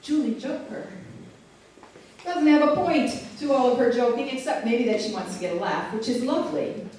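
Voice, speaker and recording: Her voice sits a little high and moves at a moderate pace as she gives a live keynote, bantering animatedly with the audience and quizzing the room. The sound is echoey, picked up by a far-off mic in a large hall, with a slight hiss or hum.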